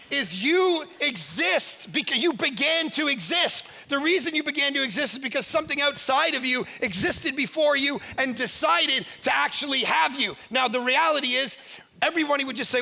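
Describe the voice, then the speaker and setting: Brief: energetic male guest preacher, very high, piercing bright voice, punchy and conversational. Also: gravelly, in a large hall. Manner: energetic, emphatic, conversational with rhetorical "right?". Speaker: guest pastor. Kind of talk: sermon.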